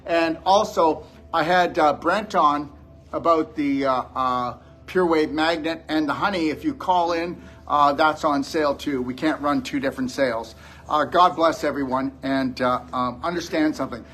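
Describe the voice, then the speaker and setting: Man, slightly high-pitched, blunt, scolding, motivational lecture, wellness host. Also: moderate pace, fairly bright tone. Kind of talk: motivational lecture to a live audience.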